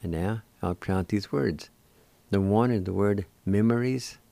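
A man with a Cherokee accent hosting a radio language lesson, slowly spelling words out letter by letter and pronouncing each syllable. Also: fairly low pitch, vocal fry, dark tone, no echo. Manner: slow, deliberate, spelling letter by letter. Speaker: radio language program host. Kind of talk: slow spelled-out pronunciation lesson.

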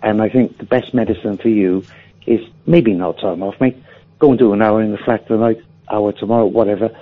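A man's voice: on the low side, fairly even intonation, fairly quick. A man calling in to a radio show, earnest and chatty, calling the host mate. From Wales. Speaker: caller. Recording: dull lo-fi phone-in line.

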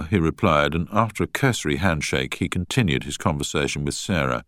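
Deep-voiced man reading a novel. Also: no room sound, clean studio sound. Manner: measured, expressive reading. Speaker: audiobook narrator. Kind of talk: scripted narration.

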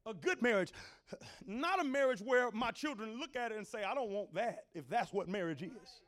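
An expressive middle-aged man preaches at normal speed, his sermon full of down-to-earth, folksy wording. He shifts from speaking low to shouting certain lines loudly.

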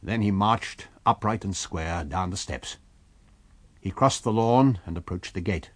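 A man narrating a novel in a measured storytelling manner. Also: sits low, no room sound. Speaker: audiobook narrator. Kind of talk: scripted narration.

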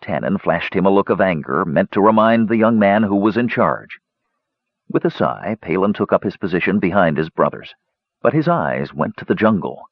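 A man narrating a fantasy story with expressive storytelling. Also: low-pitched, no echo. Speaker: audiobook narrator. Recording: dull lo-fi dry recording.

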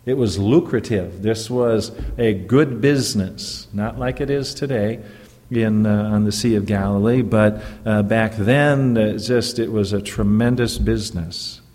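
Slow-preaching pastor in a reverberant hall. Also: male voice, lowish voice, a little mellow. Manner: slow, deliberate preaching with emphatic rises. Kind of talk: sermon. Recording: long reverb of a church hall.

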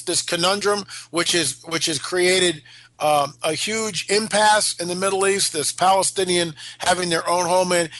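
Radio host guy a bit higher voiced, stuffy from allergies, rambly, dry close mic. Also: fairly bright tone, no echo. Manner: rambling, with fillers and restarts. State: congested from allergies. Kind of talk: casual talk radio monologue.

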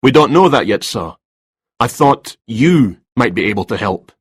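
A man's voice: medium pitch, very animated, unhurried, slightly rough, no room sound, clean studio sound. A man reading a story, voicing a stern male police detective with firm, clipped lines, a little raised from his usual tone.

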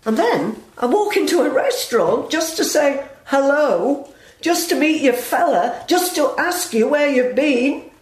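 A blunt, wounded woman with a lively, swooping voice , played by an actress. Her talk is emotional and slangy, and it is delivered slowly. It is recorded in a roomy, echoing space. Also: high-pitched. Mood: aggrieved. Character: blunt, wounded working-class woman friend. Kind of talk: audio drama acting. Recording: roomy echo.

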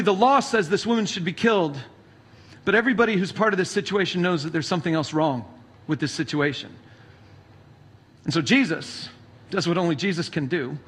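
A man's voice: sits high, a bit bright, slightly rough. A male pastor preaching a sermon, retelling stories casually and animatedly. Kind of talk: sermon storytelling.

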